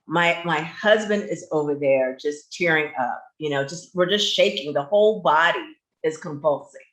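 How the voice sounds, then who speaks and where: A woman hosting a radio talk show, telling a personal story in an animated, candid way. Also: sits low, moderate pace.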